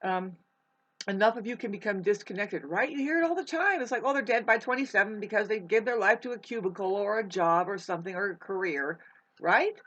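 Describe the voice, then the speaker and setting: A woman vlogger rambles through a casual monologue, swearing freely, restarting sentences often and eating as she talks. Her voice is mid-range, fairly quick and a bit bright, in a muffled, lo-fi recording.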